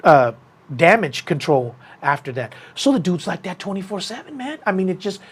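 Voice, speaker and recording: A somewhat high-voiced man chatting casually on a combat sports show. He tells his story with animated energy and slips into a raised voice whenever he quotes someone. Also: moderate pace, husky. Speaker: podcast host.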